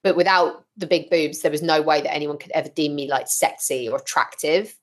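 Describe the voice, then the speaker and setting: A woman talking as a podcast guest, telling her story frankly and with lively, blunt humour. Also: low-pitched, brisk. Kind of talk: casual interview chat.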